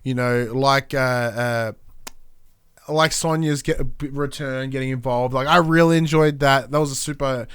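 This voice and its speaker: A man co-hosting a casual podcast, talking in a relaxed, rambling way full of fillers. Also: medium pitch, a little slow, clean tone, no room sound, studio quality. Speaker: podcast co-host.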